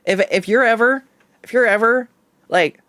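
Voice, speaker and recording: A VTuber artist talks loosely and ramblingly while drawing on stream, with frequent self-deprecating laughs and plenty of swearing. The voice sits at a middling pitch, and the sound is dry and close, with no room echo. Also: normal speed, sharp tone. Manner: rambling, loose, swears freely when annoyed.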